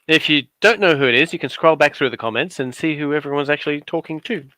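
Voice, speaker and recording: A man's voice: fairly high pitch, fast, bright, forceful tone. A middle-aged man with an Australian accent giving playful, teasing commentary on a casual craft livestream. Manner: playful, teasing, dry asides.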